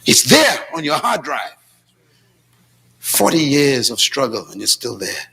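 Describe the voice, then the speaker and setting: Lively bright-voiced preacher man. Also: a little slow, gravelly, breathy edge. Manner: dramatic, shifting from shouts to low asides; storytelling with quoted dialogue. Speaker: pastor. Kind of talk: sermon. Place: church with congregation responding.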